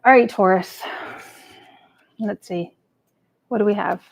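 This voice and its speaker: Speaking slowly in a gravelly, mid-range voice, this woman gives a live tarot reading at her home table while a cat lingers nearby. She chats casually, mutters to herself and swears freely as each card comes up. The recording is low quality.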